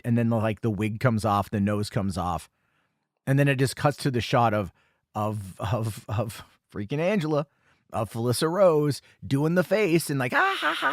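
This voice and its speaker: A man's voice: medium pitch, no room sound, clean studio sound. A man hosting a film commentary podcast, recapping the plot in a loose, rambling way with many fillers and self-corrections. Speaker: podcast host reviewing a film.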